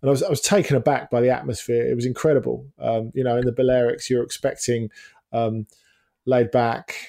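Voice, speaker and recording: A man of middle pitch with a gravelly, mellow voice, chatting on a football podcast. He rambles and hesitates, stacking fillers and restarts as he thinks aloud. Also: flat delivery, fairly quick. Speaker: football journalist, podcast co-host. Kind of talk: casual podcast chat.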